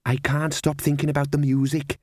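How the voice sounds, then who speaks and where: A man's voice: a little high, level tone, brisk, darkish tone, no echo, clean studio sound, pitched above the performer's own voice, lightly acted. A man voicing a restless young male harpist from the valleys, eager and fidgety, in an audiobook.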